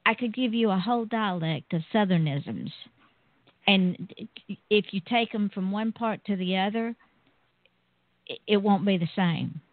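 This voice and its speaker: Woman, interview host, slow drawn-out talk, tinny phone line. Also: mid-range voice, no room sound. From Southern US. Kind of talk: casual interview chat.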